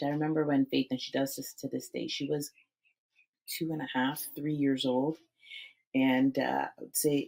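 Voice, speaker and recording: A woman's voice: rumbling low, normal speed, gravelly, a little mellow, low-quality recording. A woman in her forties hosting a podcast interview, chatting animatedly and laughing often between phrases. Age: 40s. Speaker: podcast host. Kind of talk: casual interview chat.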